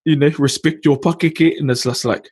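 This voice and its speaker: Husky laid-back New Zealand man. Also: fairly high pitch, steady tone, darkish tone. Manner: laid-back slang-heavy banter, quick to laugh. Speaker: podcast host. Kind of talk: casual chat.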